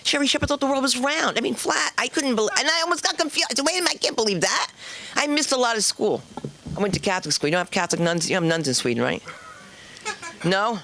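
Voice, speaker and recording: A woman's voice: on the high side, lively intonation, fast talker, a bit bright, a little hiss or hum. A woman hosting a stand-up comedy night, chatty and teasing the audience. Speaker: comedy show host. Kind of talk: stand-up crowd work. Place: comedy club stage.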